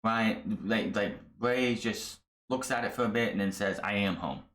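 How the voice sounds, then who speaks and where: A man's voice: fairly low pitch, fairly even intonation, a little slow, fairly bright tone. A man giving a blunt, exasperated casual review of a wrestling show, rambling with restarts. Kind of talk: casual solo commentary.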